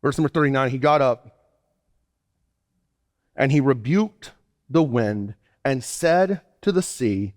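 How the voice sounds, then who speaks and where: A man's voice: mid-range voice, lively intonation, slow pace, pauses often. A man preaching an emphatic sermon as pastor, his pace often shifting. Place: church sanctuary. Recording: church hall reverb.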